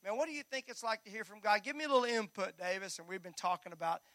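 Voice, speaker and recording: A male pastor preaching a Sunday sermon in a church, energetic and joking with the congregation. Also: high voice, fast, dry recording. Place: church sanctuary.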